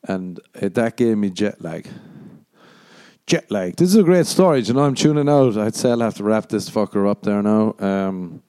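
An Irish man hosting his own podcast, rambling through profane, meandering stories with the odd quick mock voice. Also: on the low side, mellow, clean tone. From Ireland. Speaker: podcast host and stand-up comedian. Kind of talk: casual rambling solo podcast monologue.

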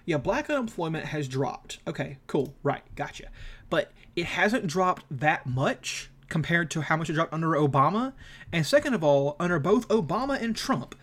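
A man's voice: a little high, animated, moderate pace, a bit bright. A man co-hosting an amateur podcast, ranting about politics in a heated, profane, casual way. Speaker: podcast co-host.

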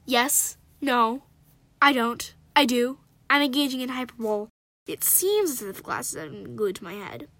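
A woman's voice: a little high, lively intonation, moderate pace, a bit bright, dry recording. A young female reader voicing an earnest, formal boy who wears glasses. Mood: hushed.

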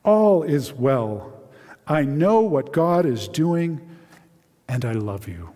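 A man's voice: on the high side, big pitch swings, slow, dark tone, exaggerated voice. A man giving voice to Joseph, a resolute and loving young carpenter, in a dramatic reading during a sermon. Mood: tender. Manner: bellowing when roused, tender when comforting. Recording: reverberant hall.

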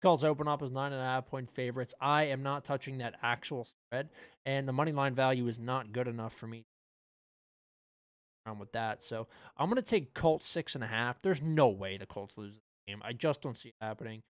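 A man co-hosting a podcast, talking through sports bets in a relaxed, loose way with frequent fillers. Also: mid-range voice, brisk, clean tone, dry recording, studio quality. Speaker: podcast co-host. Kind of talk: casual sports betting chat.

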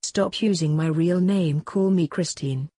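A blunt, bored teenage girl apprentice, read by a woman. The voice is low and husky with a mellow tone, dry and close, spoken flatly as in a storybook reading. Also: a little slow, dry recording.

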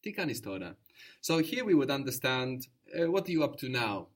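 Male tutor, patient and encouraging, mid-pitched voice, explains step by step. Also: sing-song, fairly quick. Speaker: language teacher. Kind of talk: spoken language lesson.

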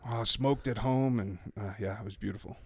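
A man with an American accent, a podcast guest in casual chat, easygoing and quick to laugh. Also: on the low side, gravelly, breathy edge, no room sound. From United States.

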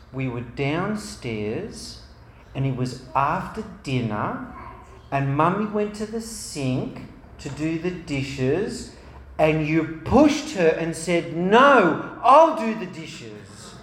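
A man's voice: on the high side, animated, takes it slowly, a little hiss or hum. A man voicing an earnest, matter-of-fact four-year-old girl, heard in an echoey room. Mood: explaining. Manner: innocent, insistent. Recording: roomy hall with faint ambience.

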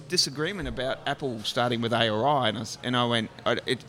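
A man's voice: mid-range voice, fast talker, few pauses. A man with an Australian accent, a brewery guest, telling stories in casual chat. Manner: animated storyteller, acts out phone exchanges.

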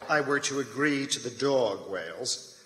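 A man's voice: mid-range voice, expressive, unhurried, bright, forceful tone. A man reading the part of a tired, clipped army colonel in his forties in a staged play reading. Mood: weary. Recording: echoey reverberant hall.

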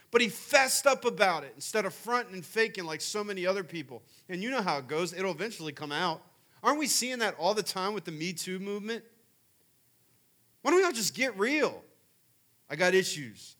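A man in his forties giving a sermon as a camp speaker, telling stories in an animated, chatty way. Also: sits high.

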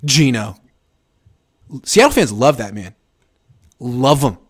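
A man hosting a casual live sports chat, reading viewer comments and giving sarcastic, animated takes. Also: slow pace, breathy edge. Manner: animated, sarcastic, jumps up in pitch for emphasis.

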